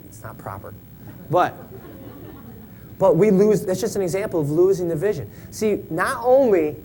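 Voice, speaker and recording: A man in his thirties gives a casual, joking sermon from a church pulpit. He talks in a folksy way and keeps checking in with "right?". A faint low rumble sits under the recording. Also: darkish tone, rough recording. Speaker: church member preaching. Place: church sanctuary.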